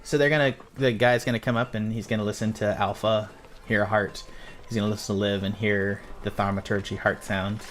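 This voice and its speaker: Relaxed man running a tabletop game. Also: lowish voice, a little fast. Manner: relaxed, many fillers. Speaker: game master.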